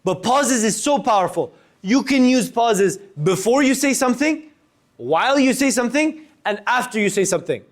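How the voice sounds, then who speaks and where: A young man with a fairly high voice leads a speaking workshop in front of a live group. He is animated, swinging between loud and soft and stretching out his pauses to make a point. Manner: animated, varies loudness and pace for demonstration. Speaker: workshop instructor. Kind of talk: public speaking lesson to a student group. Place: room with a live audience.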